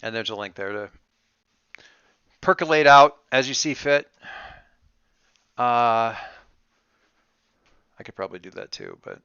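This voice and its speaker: A man's voice: mid-range voice, animated, a little slow, creaky, long pauses, pushed and bright, clear, resonant tone, no echo, dull audio. A man running a tabletop game online, chatting casually and joking offhand before play begins. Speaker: game master. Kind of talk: casual pre-game chat.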